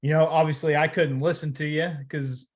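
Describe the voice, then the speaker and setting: A man co-hosting a sports podcast, speaking in a halting way with many fillers. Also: fairly high pitch, fairly even intonation. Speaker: sports podcast co-host and broadcaster. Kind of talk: casual chat.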